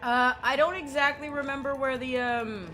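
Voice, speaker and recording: A woman's voice: high voice, fairly even intonation, moderate pace, sharp tone, soft background music. A woman game streamer rambling casually while she plays, chatty and swearing freely. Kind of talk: casual gaming commentary.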